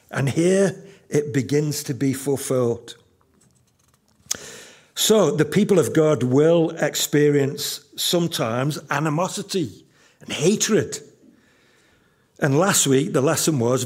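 Male pastor in his fifties, unhurried sermon delivery with emphatic repetition. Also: on the high side, darkish tone, slightly rough. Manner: slow, emphatic, repeats key lines.

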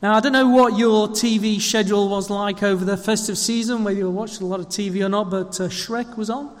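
A church leader delivers a sermon in a relaxed, chatty way, peppering it with ums and uhs. He is nursing a slight cold, and his voice sits high and a little squeaky. The sound rings out with the long reverb of a church hall. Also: fairly quick. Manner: chatty, self-deprecating, with frequent ums and uhs. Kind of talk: conversational sermon.

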